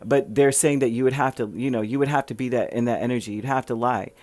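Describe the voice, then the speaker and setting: A man's voice: mid-range voice, fairly even intonation, fast, a little mellow, no room sound. Chatty man rambling through a tarot reading. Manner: chatty, rambling with many fillers and restarts. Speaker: tarot reader. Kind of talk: casual tarot reading monologue.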